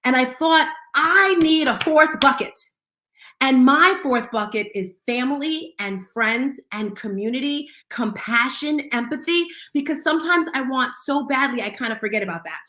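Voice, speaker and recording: A woman's voice: high voice, animated, moderate pace, few pauses, pushed and bright, roomy sound. A woman hosting an audio chat room, talking earnestly in a casual motivational way and telling personal stories. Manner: earnest, storytelling, invites listeners to speak.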